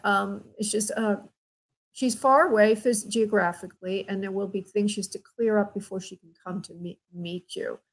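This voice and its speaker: A woman medium hosts a psychic call-in show on the radio. Her mid-pitched voice has a gravelly, creaky edge. She talks gently and affectionately and calls her callers honey and sweetheart. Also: rough recording. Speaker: spirit medium and radio host.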